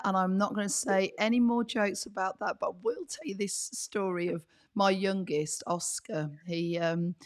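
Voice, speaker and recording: A middle-aged woman co-hosting a podcast, chatting and laughing with a husky, fading voice. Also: mid-range voice. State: losing her voice, husky. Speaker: podcast co-host. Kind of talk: casual chat.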